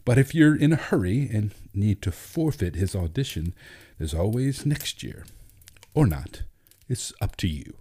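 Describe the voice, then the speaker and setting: A man's voice: on the low side, very animated, unhurried, dark tone, breathy edge, heavily acted. A man voicing a pompous, condescending male play director who speaks coldly. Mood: snide. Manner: condescending, cold.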